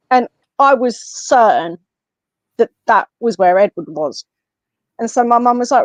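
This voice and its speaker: Appearing as a podcast guest, a woman from England who works as a medium and paranormal investigator recounts a personal story with animated, casual energy, voicing the other people involved. Her pitch is medium and her pace moderate, on slightly muffled, dry lo-fi audio.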